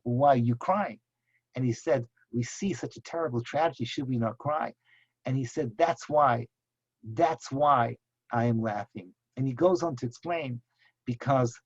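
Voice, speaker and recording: Man giving a Torah lecture, impassioned, husky voice, dry dull lo-fi recording. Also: mid-range voice, no room sound. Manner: impassioned, with emphatic repetition. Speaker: rabbi teaching a class.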